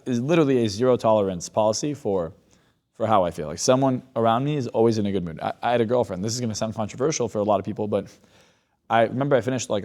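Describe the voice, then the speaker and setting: A man's voice: lowish voice, a little mellow. A man, a hypnotist guest on a podcast, talking bluntly and confidently in casual conversation, acting out quoted exchanges as he tells stories. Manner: blunt, confident storyteller who acts out quoted dialogue.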